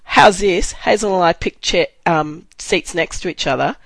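A woman chatting casually, telling an animated story about a convention meet and acting out what people said. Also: lowish voice, normal speed, creaky, no room sound, rough recording. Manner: animated, laughing, acts out quotes. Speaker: fan recounting a convention meet.

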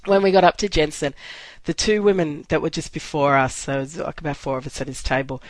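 A woman recounts a fan encounter in a lively, laughing way, slipping into other people's voices as she goes. Her voice sounds dry and close, with little room sound. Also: low-pitched, quick pace, no echo, low-quality recording. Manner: animated, laughing, acts out quotes. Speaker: fan recounting a convention meet. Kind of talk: casual chat, storytelling.

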